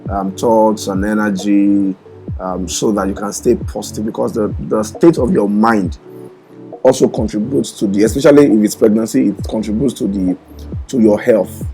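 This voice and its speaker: A man offers earnest encouragement on a couple's vlog. He speaks in a somewhat low voice, halting with frequent fillers. Music plays clearly in the background. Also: steady tone, warm tone, low-quality recording. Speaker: co-host, husband. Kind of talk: casual advice.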